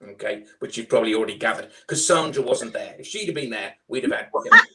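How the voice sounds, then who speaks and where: A middle-aged man with a Liverpool accent telling his fostering story in a loud, chatty, animated way. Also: mid-range voice, fast. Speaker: foster carer guest. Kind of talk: casual storytelling.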